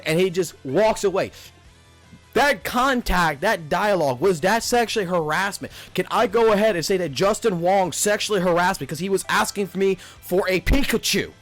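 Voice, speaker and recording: A man in his thirties talks through a casual livestream in a fairly high voice, rambling and swearing as he rants. His delivery is animated, and faint guitar music plays underneath. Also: a little fast. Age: 30s. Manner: profane, rambling rant. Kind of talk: casual stream commentary.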